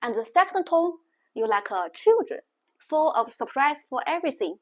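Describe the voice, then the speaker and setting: A woman teaching Mandarin tones in a language lesson, explaining slowly and deliberately. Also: sits high, sing-song. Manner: slow, deliberate explaining with exaggerated tone demonstrations.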